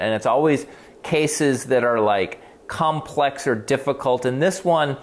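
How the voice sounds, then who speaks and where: A man who works as a clinician tells a case story in casual conversation. He is animated, swears freely and often restarts his sentences. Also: mid-range voice, measured pace. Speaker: clinician on a talk show.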